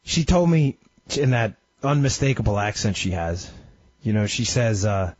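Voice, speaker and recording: A man's voice: expressive, normal speed, a little mellow, no room sound. A man hosting a talk radio show, telling a story emphatically and sounding slightly ill. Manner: emphatic storytelling with sudden pitch swings. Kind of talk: impassioned talk radio monologue. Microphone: studio microphone. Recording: dry, slightly dull radio studio audio.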